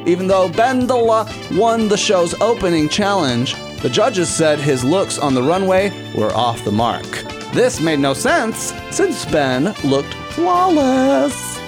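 A man with a notably high voice co-hosts a chat show, campy and teasing. He speaks slowly and deliberately, and music plays clearly behind him throughout. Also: lively intonation. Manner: campy and teasing, breaks into song. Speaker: podcast co-host. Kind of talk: playful talk-show chat.

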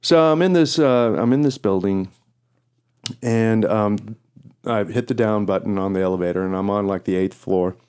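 Middle-aged East Texas man, radio co-host; animated, filler-heavy anecdote teller. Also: lowish voice, moderate pace, clear, resonant tone. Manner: animated, laughing storyteller with many fillers. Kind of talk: casual storytelling interview.

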